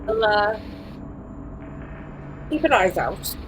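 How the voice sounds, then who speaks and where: A woman's voice: medium pitch, sing-song, slow pace, a crowd in the background, low-quality recording. A woman, playing a tabletop game over chat in a chatty, self-mocking way and laughing often. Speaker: player. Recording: clear background noise.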